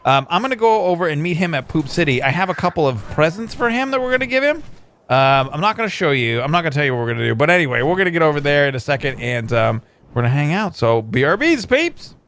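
A man hosting a gameplay video, upbeat and excitable, joking with a guest. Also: on the high side, fast, a little hiss or hum. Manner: upbeat and excitable, playful banter. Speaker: host. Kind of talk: casual gameplay commentary.

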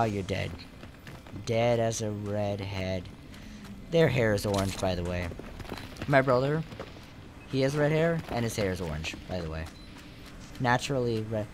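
A man's voice: lowish voice, vocal fry, noisy background. Goofy, crude young man gaming. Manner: goofy, crude, rambling, swinging from mutters to squeals. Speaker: gaming channel host. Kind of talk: casual let's play commentary.

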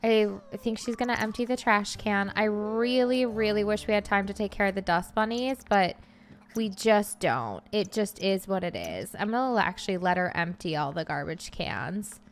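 A woman's voice: medium pitch, animated, moderate pace, a little hiss or hum. A woman hosting a life-sim let's-play, chatting casually and bursting into frantic pleading at her characters. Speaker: gaming channel host.

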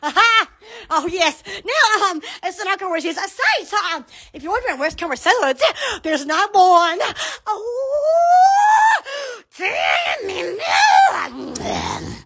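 A woman's voice: very high-pitched, expressive, normal speed, background noise. A woman hosting a live stream from her shop, rambling giddily, squealing and laughing between words. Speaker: live-stream host selling shop goods.

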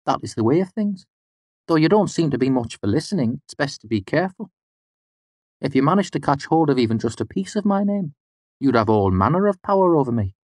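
A man voicing a cheerful old hermit who listens to things, with a bright, rich voice and quaint turns of phrase. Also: a little high, big pitch swings, brisk, no echo, studio quality. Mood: wary.

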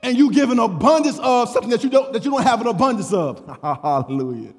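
A man preaching a sermon, fervent and stammering, breaking into shouts, recorded in an echoey church. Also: very high voice, expressive, fast. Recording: echoey church hall with music.

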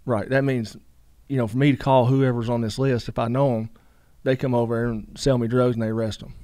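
Man, middle-aged, rambling storyteller, rapid delivery, dry close sound. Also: medium pitch, flat delivery, warm tone, no echo. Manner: rambling, many fillers, quotes others in dialogue. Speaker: guest. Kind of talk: casual storytelling.

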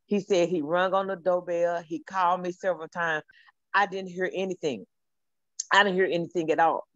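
A woman's voice: on the low side, fairly even intonation, moderate pace, fairly bright tone, no echo, muffled recording. A woman calling in to a talk show, speaking in a heartfelt, emotional, repetitive way about her work. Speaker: caller. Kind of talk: casual call-in testimony.

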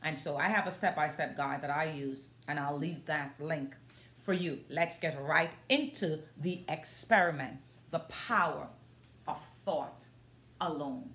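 A woman's voice: low voice, measured pace, a bit bright. A woman vlogging in an earnest, casual way, talking straight to her viewers as a motivational vlogger. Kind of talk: casual demonstration vlog. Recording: roomy echo.

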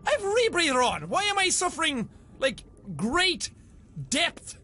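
A let's play gamer with a very high voice chats through a game session at a measured pace, his pitch jumping all over. His tone is bright and sharp, and he's excitable, swearing freely and yelping whenever something startles him.

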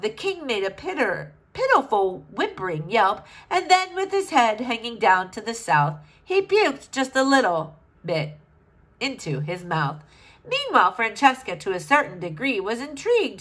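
A woman reading a rhyming children's storybook aloud in an expressive, sing-song way. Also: on the high side, low-quality recording.

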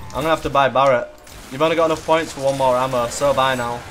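A young man hosting casual co-op gameplay commentary, excitable and jokey, shouting at the big moments. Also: mid-range voice, fast talker, soft background music. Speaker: gaming channel host.

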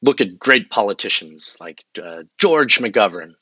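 A flustered young campaign spokesman fumbles through his pitch in a comedy sketch, stumbling over bad examples and muttering asides. His voice sits low but rings bright and forceful, with a husky grain. The recording is dry and a little muffled. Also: animated, a little slow, dry recording, full character voice. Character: flustered male campaign spokesman, bumbling and awkward.

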